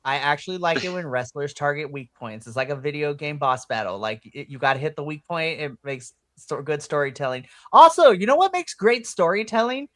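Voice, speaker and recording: A woman co-hosting a podcast in casual chat, excitable and laughing often, with plenty of swearing. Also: sits low, brisk, few pauses, no echo. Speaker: podcast co-host.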